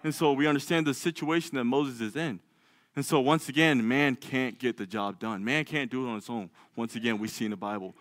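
A lay preacher delivers a church sermon, reading scripture aloud with some stumbles and acting out biblical figures' doubts in a raised voice. He talks fairly quickly in a mid-range, somewhat bright voice, recorded in studio quality with no echo.

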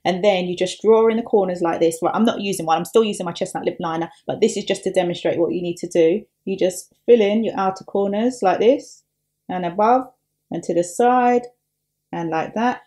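A woman's voice: lowish voice, fairly quick, mellow. A woman makeup artist talking through a tutorial step by step in a chatty, upbeat way.

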